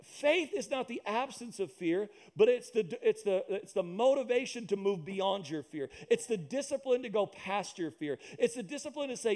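A pastor preaches in a church with loudspeakers, his voice high-pitched and darkish in tone, with lively intonation, normal speed and few pauses. The sermon is emphatic and repetitive, punctuated by jokes and asides to the congregation.

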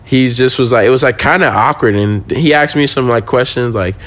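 A man's voice: mid-range voice, brisk. A young man, a pro skateboarder and podcast guest, telling a casual story with lots of swearing and acting out what he said back then. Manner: animated, profane, acts out his own quoted lines.

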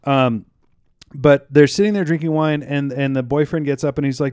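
Young male co-host, slightly high voice, rambling casual chat, stumbles over words, laughs a lot, dry close sound. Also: normal speed, darkish tone, clean tone, no room sound. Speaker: podcast co-host.

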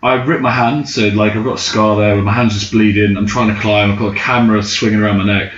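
A man's voice: lowish voice, fairly even intonation, quick pace. A young man casually telling a long, sweary anecdote as a guest in a chat. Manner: rambling, swearing anecdotal storyteller. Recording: roomy, slightly dull sound.

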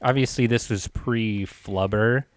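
A man with a low voice chats about a film in a laid-back, easygoing way, laughing and cursing casually as he goes. The recording is dry and close. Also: steady tone, a little slow, no room sound. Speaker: podcast co-host. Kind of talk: casual movie review chat.

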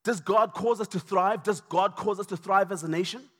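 A man preaching a sermon, passionate and repetitive, building to shouts. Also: sits high, normal speed. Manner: impassioned, repetitive, rising to shouts. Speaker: pastor.

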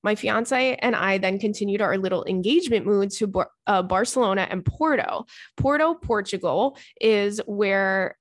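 A young woman hosts a chatty podcast, reading listener stories and breaking into playful jokes and giggles. Her voice sits at a middling pitch. The recording is dry and close. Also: normal speed, dry recording. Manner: giggly and playful, jokey asides. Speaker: podcast host.

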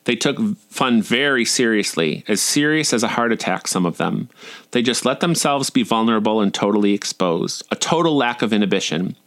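A man's voice: lowish voice, lively intonation, moderate pace, fairly bright tone. A man in his forties reading his own humorous personal essays in a wry, irreverent, playfully profane way. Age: 40s.

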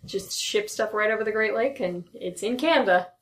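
Gm lady running a tabletop game, giggly and jokey, normal pitch. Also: moderate pace. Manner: laughs often, joking. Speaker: game master.

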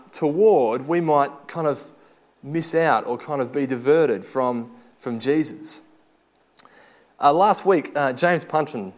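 A man preaching a casual sermon, telling chatty, self-deprecating stories in an animated way. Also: medium pitch.

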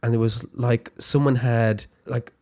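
Rambling, laughing guest. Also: male voice, medium pitch, steady tone, a little slow, mellow. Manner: rambling, laughs often, many fillers. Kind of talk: casual chat.

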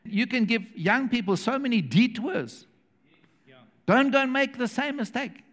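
Male preacher, animated sermon delivery with acted quotes, church hall with long reverb. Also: very high voice, unhurried. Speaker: pastor.

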